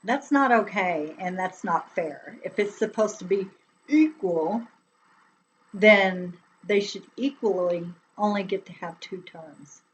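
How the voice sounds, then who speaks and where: Lady live streamer, slow rambly chat with lots of laughs, faint hiss behind. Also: medium pitch, rough recording. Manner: chatty, rambling, laughs often, speaks to chat viewers.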